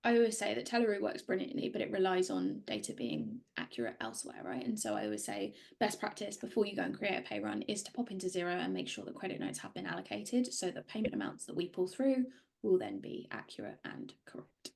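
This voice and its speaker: A woman's voice: medium pitch, sing-song, fast talker, creaky, darkish tone. A woman hosting a webinar over a video call, friendly and organised as she reads out audience questions. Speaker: webinar host. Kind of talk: webinar presentation and Q&A.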